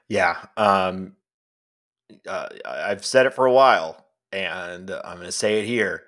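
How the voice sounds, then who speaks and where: A man with a somewhat low voice co-hosts a sports podcast. He talks casually and hesitantly, filling his sentences with "uh" and "you know". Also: a little slow, fairly bright tone. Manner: hesitant, full of fillers. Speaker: podcast co-host.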